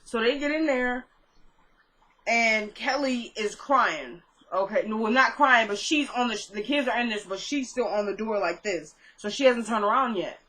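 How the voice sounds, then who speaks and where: A young woman chatting through a casual recap of a TV episode, retelling scenes in an animated way with lots of fillers. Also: on the high side, normal speed, low-quality recording. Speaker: TV episode reviewer.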